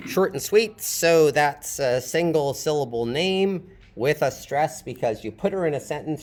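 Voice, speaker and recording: Going over phonetic transcriptions his students wrote, a pronunciation teacher with a medium-pitched voice stretches out every sound patiently as he models it.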